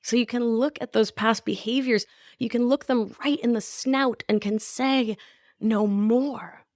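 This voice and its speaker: A woman, a native Spanish speaker, hosting a coaching podcast in a gentle, deliberate monologue that slows for emphasis. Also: a little high, steady tone, dry recording, studio quality. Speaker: podcast host, life coach.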